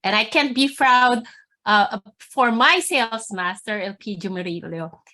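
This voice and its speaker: A woman's voice: on the high side, measured pace, bright, forceful tone. A woman on a video call giving an emotional, proud tribute to a colleague. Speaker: meeting participant.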